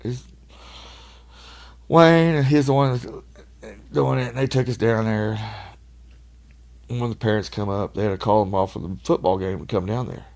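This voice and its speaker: Middle-aged man, podcast guest, gravelly, cussing storyteller. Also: medium pitch, normal speed, long pauses, a little mellow. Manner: swearing, laughs often, folksy. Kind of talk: casual storytelling.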